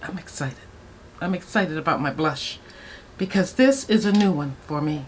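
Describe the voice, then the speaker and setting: A woman in her sixties chatting to viewers while doing her makeup, excitable and gushing about her products. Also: low voice, normal speed, a little hiss or hum. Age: 60s. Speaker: beauty vlogger. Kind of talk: get-ready-with-me makeup chat.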